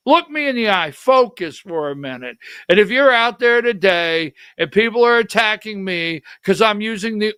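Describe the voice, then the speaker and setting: A man hosting a political talk show, giving heated, indignant commentary with slow, emphatic delivery. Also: high-pitched, a bit bright, clean tone, dry recording, studio quality.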